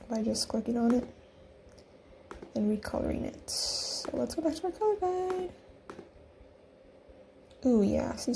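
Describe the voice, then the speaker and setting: A woman's voice: on the high side, vocal fry, mellow, a little hiss or hum. A young woman casually narrating a design tutorial, chatty and giggly as she talks through each click. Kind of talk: casual screen-recorded tutorial.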